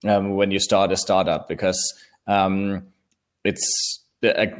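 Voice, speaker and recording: A man hosting a live online talk, chatting in a relaxed way with many fillers, recorded on a professional microphone. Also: lowish voice. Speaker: host.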